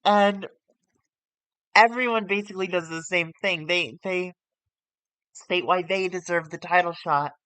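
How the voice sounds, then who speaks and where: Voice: medium pitch, measured pace, pauses often, bright, forceful tone, clean tone, dry recording. A streamer giving casual, rambling commentary with self-corrections while playing a wrestling management game on a close mic.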